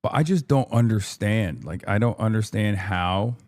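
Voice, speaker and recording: A man's voice: lowish voice, normal speed, darkish tone. A man hosting a livestream, ranting in frustrated, profane political commentary. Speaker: livestream host.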